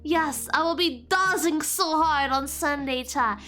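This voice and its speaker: A woman VTuber chats casually and playfully with her viewers, giggling often as she reacts to chat. Her voice is high, bright and forceful, and she speaks unhurriedly. Faint lo-fi music plays in the background.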